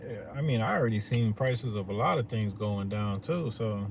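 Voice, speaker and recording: A man's voice: fairly low pitch, lively intonation, moderate pace, creaky, a little hiss or hum. A man talking to his viewers in a loose, slangy, profane rant, often asking "you know what I'm saying". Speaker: vlogger.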